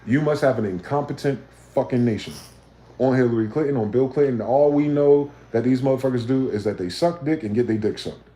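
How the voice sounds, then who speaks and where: A man rants on a livestream, swearing freely and pressing listeners with combative rhetorical questions. His voice sits in a mid range with a dark, mellow tone, and his room gives it a noticeable echo. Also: medium pitch, fairly quick. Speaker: livestream host. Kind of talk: ranting livestream monologue.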